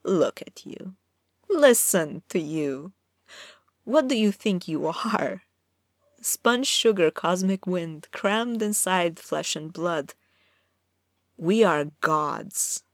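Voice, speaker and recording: A woman's voice: expressive, takes it slowly, long pauses, dry recording, clean studio sound, full character voice. A woman voicing a sly, menacing male trickster god who mocks and threatens in a storybook reading. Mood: contemptuous. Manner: mocking, amiable then low and dangerous.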